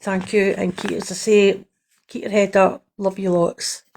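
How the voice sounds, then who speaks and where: Earnest woman with a flat voice. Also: medium pitch, a little slow, creaky, slight background noise. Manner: earnest, encouraging. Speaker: guest on a livestream. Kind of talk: casual chat.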